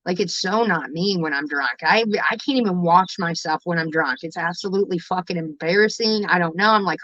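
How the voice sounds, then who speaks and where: Female streamer, unscripted and emotional, heavy profanity, halting delivery; dull, dry home audio. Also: lowish voice, a bit bright, no room sound. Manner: raw, emotional, swears constantly, halting restarts. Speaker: livestreamer. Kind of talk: candid livestream talk to viewers.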